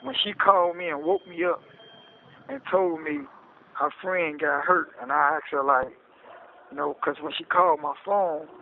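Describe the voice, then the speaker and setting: A man telling his story in a casual interview, animated and often asking "you hear me?", heard over a phone line. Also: fairly high pitch, creaky. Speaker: interview guest recounting his case. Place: prison phone call.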